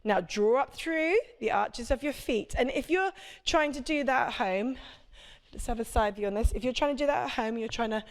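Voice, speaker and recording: A woman's voice: on the high side, normal speed. Chatty woman leading a workout. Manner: encouraging, chatty, checks in on class. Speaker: prenatal fitness instructor. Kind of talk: live workout instruction.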